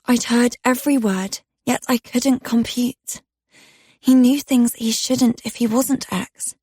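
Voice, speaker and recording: A woman narrating a dark romance audiobook in the first person, telling it with intimate tension. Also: fairly high pitch, steady tone, slow, husky, no room sound, clean studio sound.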